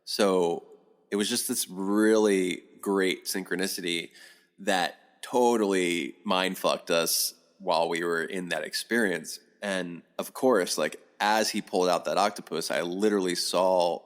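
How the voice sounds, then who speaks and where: A middle-aged man, a podcast guest, telling a long rambling story in casual talk, animated and swearing often. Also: low voice, unhurried.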